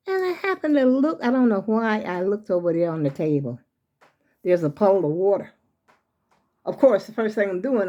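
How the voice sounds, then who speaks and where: A woman's voice: on the low side, dark tone, lo-fi sound. An older woman, vlogging casually from home on her phone. She rambles as she talks and keeps speaking straight to her viewers as "y'all". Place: small room at home.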